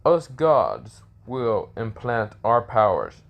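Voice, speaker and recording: A man's voice: medium pitch, huge pitch swings, slow pace, gravelly, lo-fi sound, exaggerated voice. A man voicing Death, a towering male god who speaks in solemn, domineering pronouncements in a fan-made story. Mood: stern.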